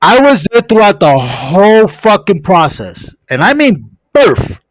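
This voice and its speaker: Male streamer, animated storyteller, lively pitch, slightly high voice. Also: a little slow, dry recording, poor audio. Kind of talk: casual storytelling.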